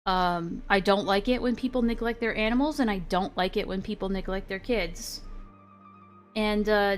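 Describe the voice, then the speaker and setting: A woman streamer casually retelling an argument, acting out both sides of the dialogue with lots of fillers. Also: a little high. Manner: animated retelling with quoted dialogue and frequent fillers. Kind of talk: casual storytelling chat.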